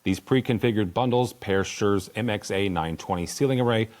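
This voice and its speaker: A man hosting a podcast, reading industry news in a steady scripted delivery. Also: fairly low pitch, moderate pace. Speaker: host.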